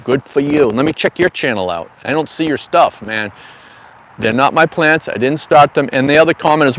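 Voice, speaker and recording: A man's voice: mid-range voice, brisk, fairly bright tone, low-quality recording. A middle-aged man hosting a live stream from an outdoor garden studio, telling stories in a casual, folksy, slangy way. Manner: chatty storyteller, folksy, slangy asides. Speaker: cannabis grow channel host.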